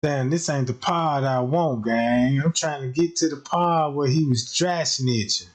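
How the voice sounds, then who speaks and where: A man's voice: mid-range voice, unhurried, slight background noise. A man hosting a reaction stream, hyped and slangy, cursing as he talks to his viewers. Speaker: host reacting to a clip. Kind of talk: casual reaction commentary.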